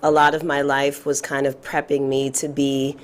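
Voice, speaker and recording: Low raspy woman in her thirties. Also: completely flat delivery, normal speed. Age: 30s. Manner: reflective, soft-spoken, many fillers. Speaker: guest. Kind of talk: casual interview chat.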